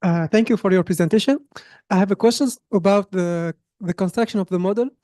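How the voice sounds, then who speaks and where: Woman, audience question, polite and halting, mellow tone, dry sound. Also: mid-range voice, dry recording. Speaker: audience member asking a question. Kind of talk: conference question.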